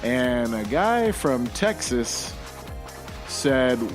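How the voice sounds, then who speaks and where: A man's voice: fairly low pitch, expressive, measured pace, faint music behind. A man hosting a podcast alone, talking in a casual, jokey and rambling way. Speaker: podcast host.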